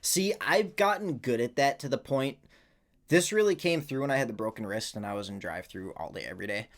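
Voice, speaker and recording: A man's voice: medium pitch, expressive, brisk. A man co-hosting a podcast in casual chat, candid and self-deprecating about his anxieties. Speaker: podcast co-host.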